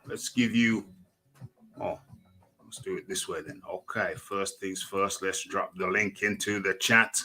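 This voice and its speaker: A man's voice: low voice, steady tone, a little slow, sharp tone, low-quality recording. A man with a northern English accent hosting a boxing livestream, chatting casually to himself and repeating phrases as he adjusts his setup. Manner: repeats phrases, talks to himself while fiddling with settings. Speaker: host of a boxing talk livestream.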